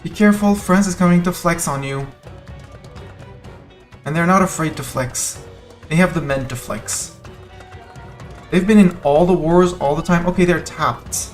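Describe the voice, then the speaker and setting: Male streamer, chatty and playful, narrating his own moves live; a touch high-pitched, soft music behind. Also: measured pace, long pauses. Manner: thinks aloud, playful, chats to in-game nations. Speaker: game streamer. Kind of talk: casual live gameplay commentary.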